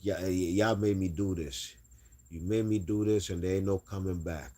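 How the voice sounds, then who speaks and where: A man's voice: deep voice, steady tone, moderate pace, dark tone, no room sound. A man hosting a casual boxing livestream, reading chat aloud and talking trash.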